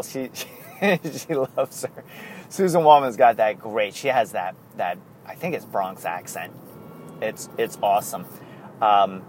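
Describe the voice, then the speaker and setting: A man's voice: medium pitch, slight background noise. A man hosting a podcast in casual chat, rambling and going off on tangents. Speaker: podcast host.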